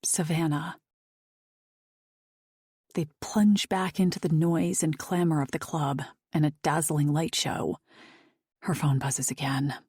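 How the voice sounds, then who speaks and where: Casting: woman audiobook narrator, low husky voice, soft hushed delivery, dry booth sound. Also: fairly even intonation, slow, pauses often, no echo.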